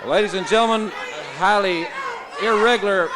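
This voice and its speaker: Formal ring announcer over a crowd. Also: male voice, high-pitched, normal speed. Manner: formal, projecting. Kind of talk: TV wrestling announcing. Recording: old TV broadcast with crowd noise.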